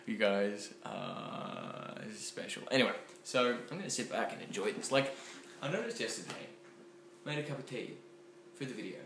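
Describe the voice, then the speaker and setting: Excitable rambling young man. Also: on the low side, normal speed, creaky. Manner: rambling, excitable, with many ums and likes. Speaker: vlogger. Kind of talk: casual rambling vlog. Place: home kitchen. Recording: echoey room with faint background noise.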